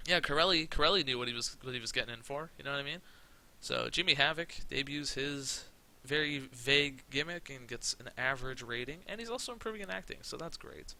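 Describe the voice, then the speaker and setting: A man's voice: medium pitch, fairly quick, pushed and bright, low-quality recording. A man giving rambling, sarcastic commentary on his wrestling management game, swearing casually. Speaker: let's play commentator.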